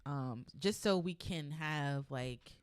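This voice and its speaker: A woman's voice: deep voice, slow, smooth, no echo. Woman cohost on a podcast, kinda hesitant, lots of likes and ums, dry close mic. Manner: hesitant, hedging with "like" and "um". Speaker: podcast co-host. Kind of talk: casual horror news chat.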